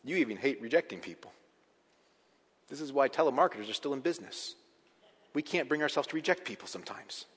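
A man preaching a sermon as a pastor, emphatic, with big swings in pitch and loudness. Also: animated, fast, long pauses, breathy edge. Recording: reverberant hall.

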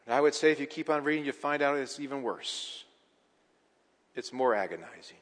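A man preaching a sermon as a pastor, emphatic, with big swings in pitch and loudness. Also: lively intonation, a little fast. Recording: reverberant hall.

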